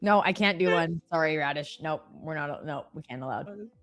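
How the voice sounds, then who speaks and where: A woman's voice: low voice, moderate pace, fairly bright tone. A woman co-hosting a live trading stream, chatting casually, laughing and cheering her trades on.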